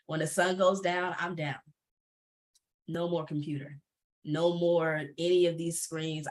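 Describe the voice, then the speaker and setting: Lady on a video call panel, emphatic, repeats herself, laughs easy. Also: low-pitched. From Atlanta area. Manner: animated, laughing, emphatic repetition. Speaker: panelist, entrepreneur and former teacher. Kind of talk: candid panel talk.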